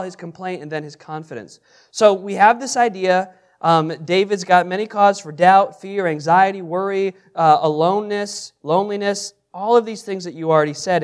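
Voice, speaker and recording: A man teaching an interactive Bible study, asking the group questions and repeating their answers. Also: sits high. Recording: echoey room with background noise.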